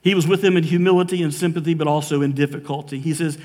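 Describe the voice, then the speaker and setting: A male pastor delivering an earnest sermon in a church, slowing down for emphasis and growing emotional at times. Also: fairly high pitch, level tone, a little mellow, long reverb tail. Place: church sanctuary. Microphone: live preaching mic.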